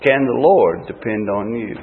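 A man delivers a sermon in a husky, slightly raised voice, taking his time with long dramatic pauses. The sound is thin and tinny, like a phone line. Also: lowish voice, animated. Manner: slow, emphatic preaching with dramatic pauses. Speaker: street preacher.

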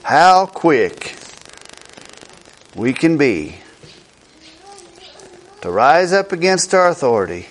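A man preaching a sermon slowly and emphatically, repeating key words for effect. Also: fairly high pitch, big pitch swings.

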